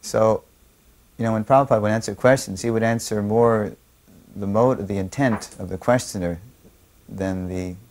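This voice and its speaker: A man recalling an event in a measured way, pausing to explain what it meant. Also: fairly low pitch, fairly even intonation, a little mellow. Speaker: devotee recalling memories. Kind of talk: reflective storytelling.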